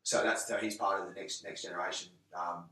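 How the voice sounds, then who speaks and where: A man's voice: deep voice, fairly even intonation, fairly quick, a crowd in the background. A man with an English accent chatting on a podcast as a guest, talking emphatically with lots of restarts and the odd swear. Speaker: guest, MMA gym owner and coach. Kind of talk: casual podcast chat. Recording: roomy, echoey room, mic at a distance.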